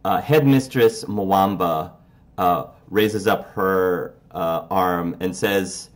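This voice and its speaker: A man narrating as game master of a tabletop role-playing game, relaxed and halting, with many fillers. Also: sits low.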